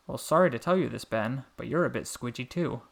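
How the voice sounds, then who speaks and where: A soft, cheerful talking frog with a gentle heart, as a man narrator puts him on, unhurried and teasing in a warm way. The voice sits at a middling pitch for a man, kind rather than deep, like a friendly storybook creature. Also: expressive, vocal fry.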